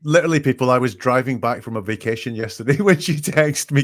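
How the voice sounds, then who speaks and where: A man's voice: medium pitch, quick pace. A man with a Scottish accent, a guest on a live stream, explaining things in a friendly way with many fillers. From Scotland. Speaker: guest commentator. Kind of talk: casual live-stream chat.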